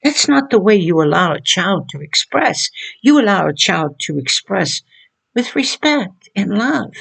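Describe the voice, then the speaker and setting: An older woman talks earnestly about raising children, returning again and again to the same points. Her voice is gravelly and husky, with a frayed edge. She speaks in the informal, preachy manner of a Christian teaching monologue. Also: medium pitch, big pitch swings, a little slow, fairly bright tone. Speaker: mother giving parenting advice.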